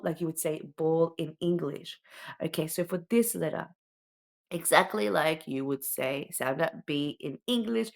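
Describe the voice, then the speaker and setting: A woman's voice: sits low, expressive, normal speed, gravelly. A woman teaching children the alphabet, patiently sounding out each letter and often checking in with "okay?". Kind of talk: slow alphabet lesson for children.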